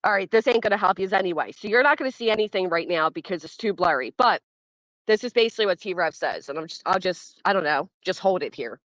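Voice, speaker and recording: A chatty woman hosts a casual home livestream and talks straight to her chat, swearing freely and laughing as she goes. Her voice sits at an ordinary middle pitch. It comes through a phone mic with a dull, muffled lo-fi sound and no room echo. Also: expressive, fast, a bit bright. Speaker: livestream host. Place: at home, early morning.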